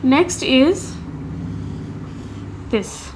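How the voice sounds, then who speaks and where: A woman teaching English pronunciation, saying each sound slowly and deliberately with pauses and fillers. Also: a little high, animated, slight background noise. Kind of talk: pronunciation lesson.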